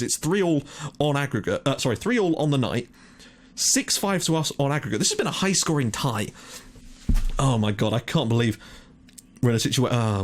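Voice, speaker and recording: A young man giving excitable live commentary on his own football management game, thinking aloud and swearing when it goes wrong. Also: mid-range voice. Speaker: gaming commentator.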